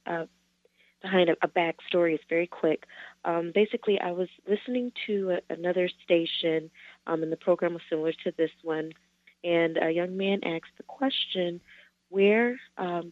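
A woman phoning in to a radio show, her voice a little low and hesitant, full of small pauses. The sound is thin and tinny, like a phone line, and quite dry. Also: no echo. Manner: hesitant, many fillers. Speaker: caller. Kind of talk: call-in question.

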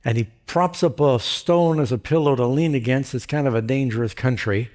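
Man preaching an animated story sermon. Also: moderate pace. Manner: animated retelling, voices characters with pitch jumps.

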